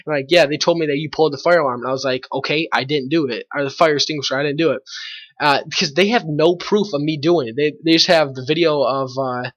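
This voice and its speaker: A man's voice: fairly high pitch, fast, fairly bright tone, muffled recording. A teenage boy rambling through a storytime monologue, full of fillers and swearing. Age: teens.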